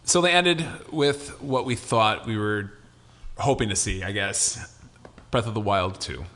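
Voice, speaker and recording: A man's voice: lowish voice, measured pace, a bit bright. A man hosting a casual gaming podcast, hesitant and full of fillers as he steers the talk. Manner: hesitant, many fillers, laughs easily. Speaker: podcast host.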